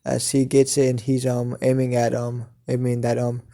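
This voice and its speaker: A man improvising a fan story as narrator, halting with many ums and restarts. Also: medium pitch, monotone, gravelly, dark tone.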